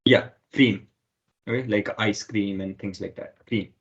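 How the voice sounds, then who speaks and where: A man's voice: fairly low pitch, fairly even intonation, measured pace, highs cut off. A man teaching a French lesson online who explains step by step and keeps repeating himself with "okay".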